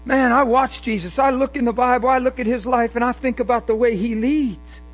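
A man preaching a sermon with fervent emphasis and quick rhetorical questions. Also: extremely high pitch, fairly even intonation, dull audio.

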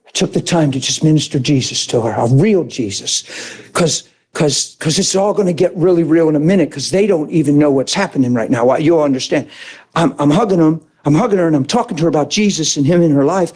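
Male preacher, husky voice, sermon story with acted-out voices. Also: fairly high pitch, animated, fairly quick, darkish tone. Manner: acts out other people's voices in his story.

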